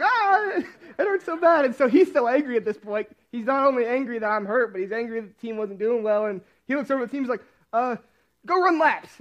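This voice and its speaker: A youth pastor, a young man with a high voice, gives a casual sermon in a relaxed, chatty manner. He tells a self-deprecating personal story, stumbling and restarting often, on a dull lo-fi recording.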